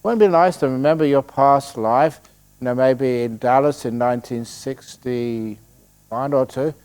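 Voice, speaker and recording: An older man, a meditation teacher answering retreat questions in a joking, storytelling way, with a middle-pitched voice. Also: measured pace, a little mellow, clean tone. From England. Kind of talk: humorous Q&A talk at a retreat. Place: meditation hall.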